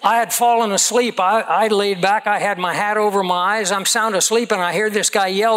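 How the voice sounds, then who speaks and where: An older man in his seventies delivers a sermon, slipping easily into personal stories. His voice sits a little higher than most men's, and his delivery is earnest and conversational. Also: steady tone, normal speed, a bit bright, poor audio. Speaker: pastor.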